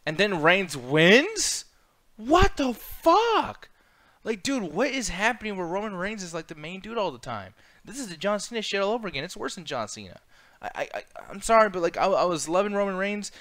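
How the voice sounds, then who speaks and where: A man with a bright, forceful voice rants through a casual wrestling review. He swings between flat disgust and sudden loud outbursts, swearing constantly, his tone sharp and cutting. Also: high voice, fast. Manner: exasperated, ranting, heavy swearing. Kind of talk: casual profane review chat.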